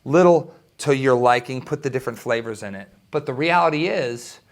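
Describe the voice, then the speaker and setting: A young man teaching a guitar lesson, talking in an enthusiastic, conversational way with quick asides. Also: mid-range voice. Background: electric guitar playing.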